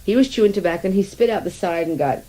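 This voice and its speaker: A woman's voice: mid-range voice, quick pace, dark tone, poor audio. An American woman chatting as a radio interview guest, telling stories with dry wit. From United States. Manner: witty, chatty storyteller. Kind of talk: casual radio interview chat.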